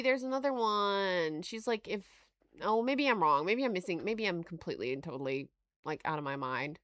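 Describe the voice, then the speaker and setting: A woman hosting a live stream, reading notes aloud and reacting to chat with frequent laughter and animated asides. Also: mid-range voice, normal speed, no echo, studio quality. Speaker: livestream host.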